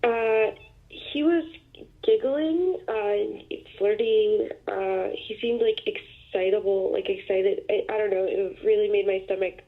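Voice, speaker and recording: A woman calls in to a radio show over a tinny phone line. She speaks hesitantly in halting pieces, at a middle pitch. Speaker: caller.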